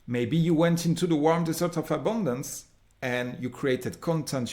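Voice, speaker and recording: A man's voice: mid-range voice, a little mellow. Male course instructor, French accent, upbeat and theatrical, swears casually. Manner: enthusiastic, mock-dramatic, swears casually. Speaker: online business course instructor. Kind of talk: recorded course lesson, drawing on a board.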